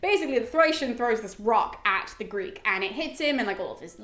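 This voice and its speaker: Casual woman host, higher voice, animated and a bit crude, recorded in a roomy space. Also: a little fast. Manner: chatty, animated, swears, lots of "like". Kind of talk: casual explainer. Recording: echoey room.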